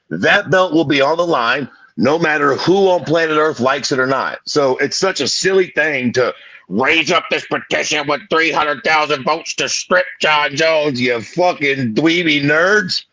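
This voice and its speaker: A man's voice: on the high side, unhurried, pushed and bright, no echo, rough recording. A man co-hosting a sports podcast, ranting emphatically and cursing freely in casual chat. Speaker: podcast co-host.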